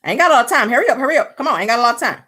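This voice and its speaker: A woman's voice: fairly high pitch, big pitch swings, rapid-fire, sharp tone, breathy edge. A woman hosting a casual celebrity gossip show, sassy and teasing, laughing often as she reacts to viewer comments. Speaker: show host.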